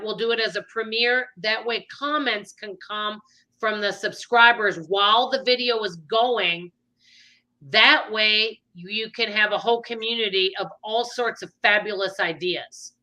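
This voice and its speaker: A woman's voice: medium pitch, steady tone, unhurried, bright, forceful tone, lo-fi sound. A woman hosting a casual chat, talking in a rambling, friendly way with lots of fillers. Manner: rambling, chatty, full of "you know" fillers. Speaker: channel host.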